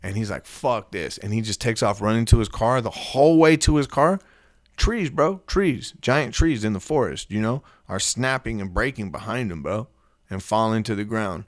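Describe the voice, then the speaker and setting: A man's voice: fairly low pitch, animated, moderate pace, no echo. A man co-hosting a casual podcast, telling stories in a profane, slangy way and acting out the quotes. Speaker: podcast co-host. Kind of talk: casual storytelling chat.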